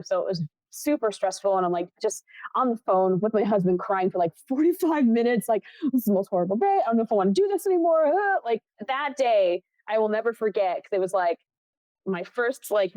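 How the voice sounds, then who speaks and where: A young woman from Buffalo, New York, who works as a film assistant director, tells a story in a casual interview, acting out the people she quotes and laughing often. Her voice is medium-pitched with a darkish tone, and the recording is dry.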